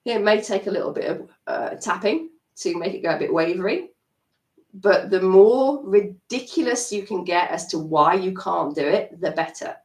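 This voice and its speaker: Animated woman coach in a roomy room. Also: medium pitch, normal speed. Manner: animated, acts out inner self-talk. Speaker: EFT coach. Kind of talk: live-stream self-help coaching. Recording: roomy sound, mic at a distance.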